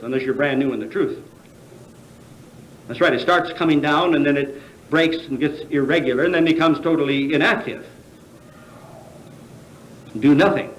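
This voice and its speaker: Delivering a sermon in a big convention hall, this American convention speaker has a voice on the high side with a slight brightness. He keeps asking listeners rhetorical questions, stumbling on fillers along the way, and the hall's echo is audible throughout.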